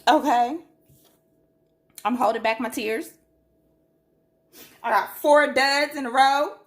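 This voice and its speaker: Slow-talking woman scratching tickets. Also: high voice, a little hiss or hum. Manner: chatty, slow and drawn-out, reads numbers aloud. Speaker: lottery scratch-off vlogger. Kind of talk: casual chat to viewers.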